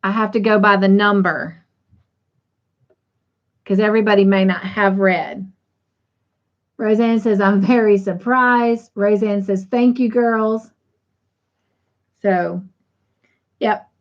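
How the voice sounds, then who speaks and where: Woman, livestream host, chatty and unhurried, slightly high voice, dull lo-fi stream audio. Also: steady tone. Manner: chatty, says "y'all", reads comments aloud. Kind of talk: casual livestream chat, reading viewer comments.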